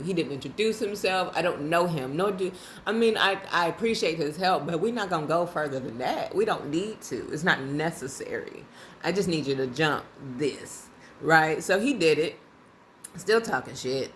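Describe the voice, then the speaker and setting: A woman with a fairly low voice tells a rambling everyday story straight to camera. She talks in a loose, colloquial way and laughs often. A faint hiss sits behind her. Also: moderate pace. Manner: animated, laughing, colloquial and conversational. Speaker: vlogger. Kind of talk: casual anecdotal storytelling.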